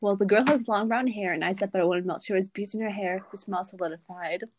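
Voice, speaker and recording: Young woman podcast co-host, mid-pitched, loose giggly rambling, dry home mic. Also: fast talker, dry recording. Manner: rambling, lots of 'like' fillers, giggly. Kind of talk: casual podcast chat.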